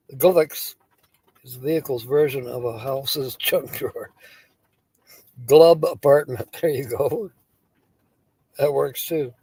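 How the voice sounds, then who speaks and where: A man's voice: on the high side, mellow, slightly rough, no echo. A man hosting a casual live stream who reads viewer comments aloud, plays with silly wordplay and keeps breaking into laughter. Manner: giggly, breaks into laughter often; playful and goofy, tickled by wordplay.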